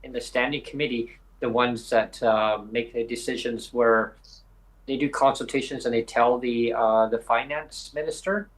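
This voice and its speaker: On a roughly recorded live podcast, a host from British Columbia, Canada, speaks at a moderate pace with a medium-pitched, steady voice. His advocacy talk is rambling and emphatic, full of hesitations.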